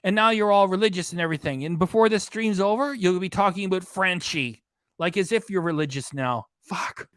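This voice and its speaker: A man's voice: high voice, fairly quick, fairly bright tone, dry recording. Sarcastic, profane man, dry close sound. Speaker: reaction channel host. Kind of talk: mocking commentary over a livestream.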